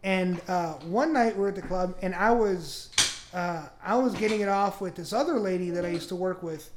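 A man's voice: high voice, normal speed, background noise. A man on a podcast telling a crude story in a casual, rambling way, laughing often. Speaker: podcast host.

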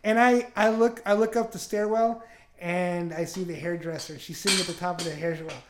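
A man's voice: sits high, steady tone, a little fast. A man on a podcast telling a crude story in a casual, rambling way, laughing often. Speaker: podcast host.

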